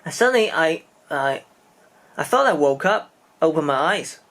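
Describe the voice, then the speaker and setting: A man's voice: fairly high pitch, lively intonation, normal speed, fairly bright tone. A man from China, speaking English and telling a personal story in a casual vlog, hesitant and searching for words. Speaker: vlogger.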